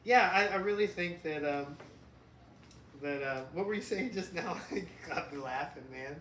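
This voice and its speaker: A man's voice: on the high side, normal speed, a bit bright. A middle-aged father co-hosting a podcast in casual chat, joking, laughing often and swearing freely. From New York. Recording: echoey room, faint noise.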